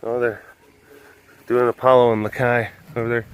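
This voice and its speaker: A man's voice: medium pitch, little pitch movement, normal speed, clean tone. A man hosting a vlog who retells a fable in a casual, rambling way, with lots of fillers. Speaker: vlog host, animal keeper. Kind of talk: casual storytelling.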